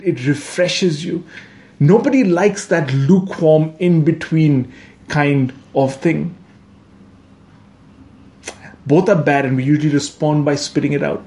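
A man's voice: a little high, slow pace, dark tone. A man preaching a sermon in a conversational way, often checking in with "right?" and correcting himself. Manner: conversational, frequent "right?" asides, self-corrections. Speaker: pastor.

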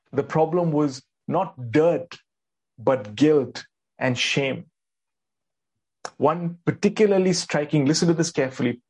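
A man delivers a sermon in a slightly raised, husky voice. He preaches earnestly, asks his listeners questions and repeats lines for emphasis. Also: a little high, darkish tone. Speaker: pastor.

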